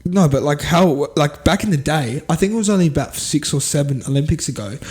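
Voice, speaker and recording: Rambling Australian man, a bit high. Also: lively intonation, fairly quick, darkish tone. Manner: rambling, laughs often. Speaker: podcast co-host. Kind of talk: casual banter.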